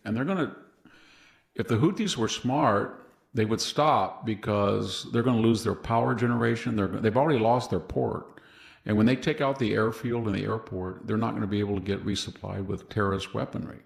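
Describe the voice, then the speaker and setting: A man from California, speaking as a guest historian in a relaxed interview, winding through long anecdotes and chuckling at his own jokes. His voice sits low and carries a rough, gravelly edge. The recording has a roomy, echoey sound. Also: brisk. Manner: rambling anecdotal storyteller, laughs at his own stories. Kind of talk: casual interview conversation.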